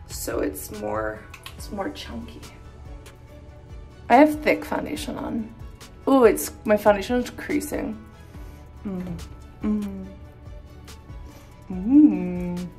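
Woman, casual skincare vlog, chatty, rambling, tired, middle pitch, faint background music. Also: sing-song, slow, long pauses. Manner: chatty, rambling, tired and loopy late at night. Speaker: skincare creator.

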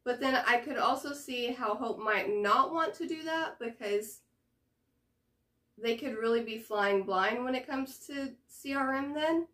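A woman's voice: fairly high pitch, unhurried, bright, forceful tone. A woman hosting a reaction video, chatting casually to camera and thinking aloud with fillers and hesitations.

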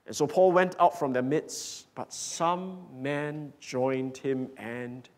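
A man preaching a sermon in a church hall, emphatic, swinging from loud declarations to hushed whispers. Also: medium pitch, steady tone, takes it slowly. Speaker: pastor.

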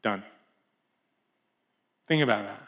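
A man preaching a sermon in a casual, animated way, full of rhetorical questions and asides. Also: lowish voice, slow.

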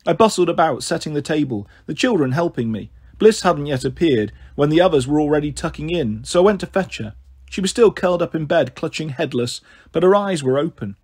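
Husky, expressive male storyteller. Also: fairly high pitch, fairly quick. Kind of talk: reading a children's novel aloud.

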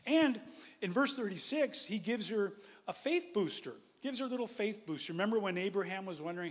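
Male pastor, lively chatty sermon, fairly high voice. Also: a little fast. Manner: animated, conversational, chuckles often. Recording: echoey hall.

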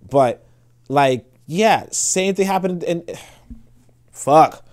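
Guy ranting on a livestream, fired up and swearing a lot, keeps repeating himself, voice sits a bit high. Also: normal speed. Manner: impassioned, profane, repeats himself often. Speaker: political commentator. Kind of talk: livestream commentary reading and reacting to an article.

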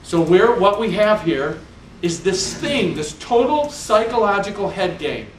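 A man's voice: sits high, a little slow, slight background noise. Man speaking in an echoey hall. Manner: animated storytelling with self-mocking humor. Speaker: motivational speaker. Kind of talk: live public speech. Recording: echoey hall, distant mic.

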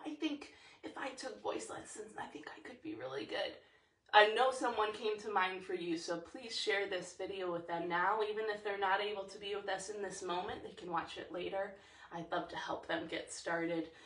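A woman, teaching a livestreamed singing warm-up from home in a chatty, encouraging way that sometimes drops to breathy whispers. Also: medium pitch, roomy sound, recorded from a distance. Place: home, over a slow internet livestream.

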